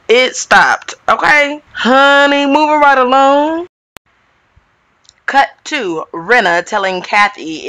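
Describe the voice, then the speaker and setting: A reality TV recap host giving sassy, animated gossip commentary with dramatic asides. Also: high-pitched, a little slow, no echo.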